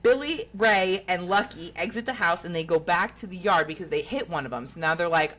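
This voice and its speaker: A woman, co-hosting a podcast and retelling a story in a casual, profane, animated way. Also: lowish voice, brisk, hardly any pauses. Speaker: podcast co-host.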